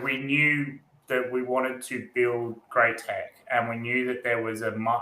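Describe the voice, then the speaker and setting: A man answering interview questions in a thoughtful, halting way, with many fillers. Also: mid-range voice, pushed and bright. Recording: roomy echo.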